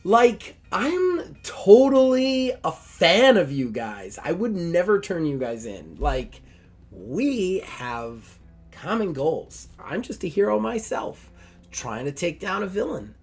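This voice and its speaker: A man's voice: big pitch swings, slow pace, husky, faint music behind, heavily acted. A man voicing a gushing valley-girl schemer. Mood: persuasive. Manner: high, gushing valley-girl talk full of "like" and "totally".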